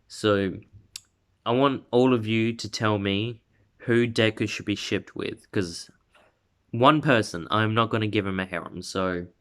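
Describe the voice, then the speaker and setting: A man's voice: on the low side, measured pace, a bit bright, smooth. A man casually narrating an unscripted fan story, rambling with frequent restarts and fillers.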